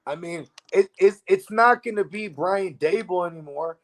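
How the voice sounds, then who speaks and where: Man, fantasy football co-host, high voice, casual and profane, rambling. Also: moderate pace, a bit bright. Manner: loose, profane, keeps asking "you know what I mean". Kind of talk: casual live-stream sports chat.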